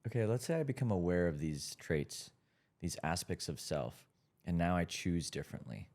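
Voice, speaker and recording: A man's voice: low-pitched, lively intonation, moderate pace, darkish tone. A man hosting a podcast interview, earnest and reflective, asking questions with many filler likes. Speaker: podcast host.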